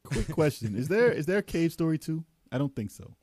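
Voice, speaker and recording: A man's voice: fairly high pitch, sing-song, a little fast, darkish tone, dry recording, clean studio sound. A man in casual podcast chat about video games, laughing often while running through a list.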